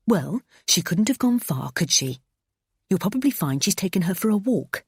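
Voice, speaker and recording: Woman putting on a sharp young husband, snappish and stern, dry close sound. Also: mid-range voice, sing-song, normal speed, slightly rough, no room sound, full character voice. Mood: stern snapping. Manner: snapping, scolding. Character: curt young husband, cold and impatient.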